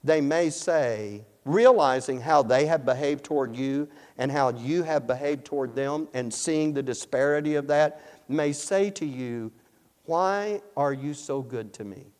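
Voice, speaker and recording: A man's voice: medium pitch, measured pace, a little mellow. A man with a Texan accent teaching a sermon, earnest and storytelling, often repeating words as he restarts. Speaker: Bible teacher. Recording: long reverb in a hall.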